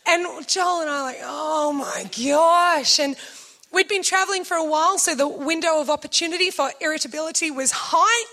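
A middle-aged woman telling a story in a sermon, animated and acting out quotes with laughs. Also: high-pitched. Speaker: preacher.

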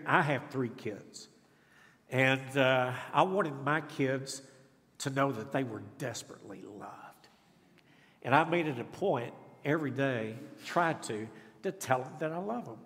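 A man's voice: medium pitch, animated, a little slow, a bit bright. A middle-aged man, preaching as a guest speaker with folksy, self-deprecating stories and humor. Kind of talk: sermon. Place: church sanctuary. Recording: long church reverb. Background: congregation responding.

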